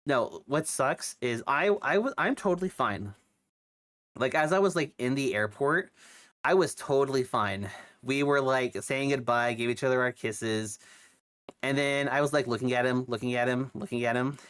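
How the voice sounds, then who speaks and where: A man's voice: mid-range voice, moderate pace, fairly bright tone. Sick young man chatting on stream. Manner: rambling, with many fillers and restarts. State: sick, coughing and congested. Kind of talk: casual chat.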